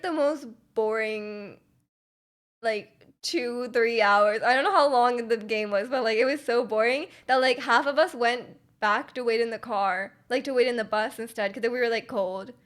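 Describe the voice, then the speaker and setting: A woman's voice: a little high, fairly bright tone. A young woman from Canada, a streamer chatting casually with her live chat, rambling with lots of restarts and fillers and laughing often.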